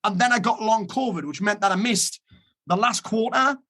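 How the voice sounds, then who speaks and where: A man's voice: high voice, normal speed, bright, forceful tone. A man giving a blunt, emphatic motivational talk, swearing freely as he urges listeners to act. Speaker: motivational speaker.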